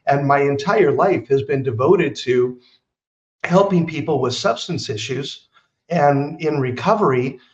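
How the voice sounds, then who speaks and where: A man's voice: a little high, unhurried. A middle-aged man hosting a podcast, telling personal stories in a chatty, earnest way with rambling asides. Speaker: podcast host. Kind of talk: casual storytelling monologue. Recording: roomy, slightly dull recording.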